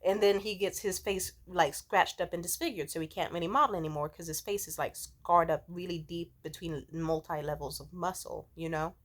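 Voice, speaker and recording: A woman's voice: fairly low pitch, steady tone, moderate pace, few pauses. A young woman giving casual commentary on fictional characters, blunt and profane in how she tells it. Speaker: video essayist.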